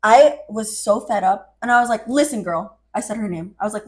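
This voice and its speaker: A woman's voice: medium pitch, fairly quick. A young woman co-hosting a podcast, telling a story in casual chat, acting out the quotes and swearing freely. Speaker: podcast co-host.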